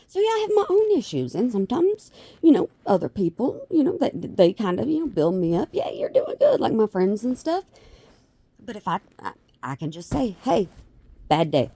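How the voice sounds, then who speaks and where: A woman's voice: medium pitch, dark tone, dry recording. A middle-aged woman, rambling through a casual vlog with many restarts and self-deprecating asides. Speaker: vlogger.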